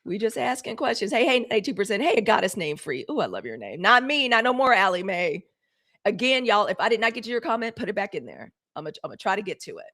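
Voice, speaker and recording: A woman's voice: mid-range voice, very animated, fast talker, sharp tone. A woman from Mississippi with a Southern accent, hosting a casual livestream and talking straight to her viewers in a blunt, fiery way. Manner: talks straight to viewers, calls them y'all, fiery and blunt with swearing. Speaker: livestream host.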